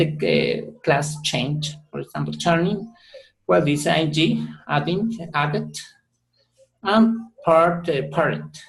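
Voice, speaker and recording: A male student with a mother tongue, presenting in a class over a video call. He talks haltingly, full of fillers and self-corrections. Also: a little high, gravelly, rough recording. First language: Spanish.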